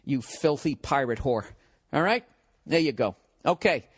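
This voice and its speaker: A man's voice: mid-range voice, animated, a little slow, husky, dry recording, studio quality. A man giving heated, profane advice in a pushy, ranting way. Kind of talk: angry advice rant.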